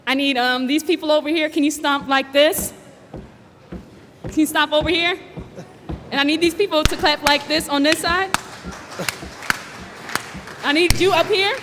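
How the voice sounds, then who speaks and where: A young woman graduating, giving a lively thank-you speech and leading the crowd in clapping and cheers. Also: sits high, normal speed, long pauses, slight background noise.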